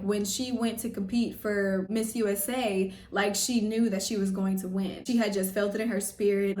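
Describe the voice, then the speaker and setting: A young woman from Louisiana telling a story in a casual vlog, chatty and animated, full of "like" and "y'all". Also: mid-range voice, far from the mic. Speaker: pageant vlogger. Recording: roomy echo, voice a bit off-mic.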